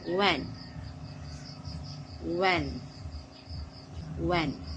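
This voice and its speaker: A woman with a Filipino accent teaching sign language, saying each vocabulary word slowly and repeating it several times. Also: fairly low pitch. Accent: Filipino (Cebuano). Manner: slow and deliberate, calling out single words. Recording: clear background noise of crickets and insects.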